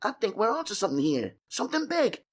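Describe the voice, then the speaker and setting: A man reading an audiobook voicing a conceited male drug kingpin with a high-pitched voice that cracks when excited and fast street slang. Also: a little hiss or hum, exaggerated voice. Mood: excited boasting. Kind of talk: audiobook character voice.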